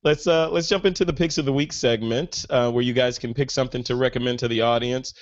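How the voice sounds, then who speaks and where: A man's voice: mid-range voice, fairly even intonation, fast talker, highs cut off. A man hosting a podcast, chatting casually and with enthusiasm, with lots of fillers. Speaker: podcast host. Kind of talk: casual chat.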